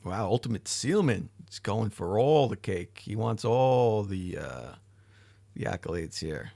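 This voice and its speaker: A man's voice: on the low side, big pitch swings, measured pace, gravelly, mellow, no echo. A tired man hosting a livestream, chatting casually with his chat, rambling and swearing now and then. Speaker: livestream host. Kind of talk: casual chat reading live chat.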